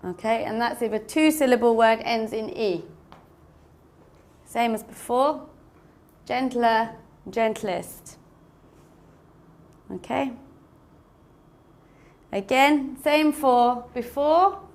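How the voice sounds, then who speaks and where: Slow, patient woman teaching English. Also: fairly high pitch. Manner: patient, repeats words and spells them out. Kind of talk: slow classroom explanation.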